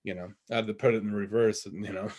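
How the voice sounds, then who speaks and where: A man's voice: fairly low pitch, steady tone, quick pace, darkish tone. A young man casually telling a long story on a podcast, rambling with lots of fillers and restarts. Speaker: podcast co-host. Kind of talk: casual chat.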